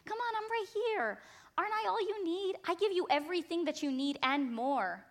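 Brief: a woman as a confused husband, pleading, high-pitched in a sermon retelling. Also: moderate pace. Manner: pleading, rising questions. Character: bewildered husband pleading with his sad wife.

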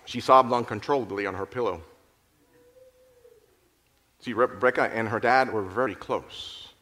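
A man narrating a moral story in an expressive, dramatic storytelling manner. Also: fairly low pitch, unhurried. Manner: expressive, lively storytelling with restarts.

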